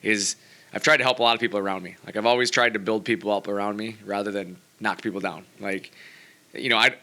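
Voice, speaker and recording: A podcast host chats casually, rambling and stuffing his talk with fillers like "you know" and "like." His voice is lowish and steady in tone, quick-paced, pushed, and bright.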